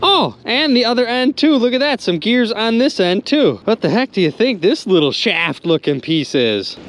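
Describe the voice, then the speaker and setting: An excitable man narrates his magnet fishing finds from a boat on a river, talking straight to his viewers. His pitch swoops widely as he exclaims over each catch, and boat and water noise is clearly heard behind him. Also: moderate pace. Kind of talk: excited outdoor vlog narration.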